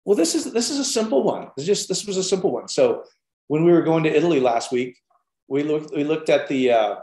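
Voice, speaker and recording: A man preaching an informal sermon, telling stories in an animated way with lots of fillers. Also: medium pitch. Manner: animated storytelling with many fillers. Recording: roomy echo.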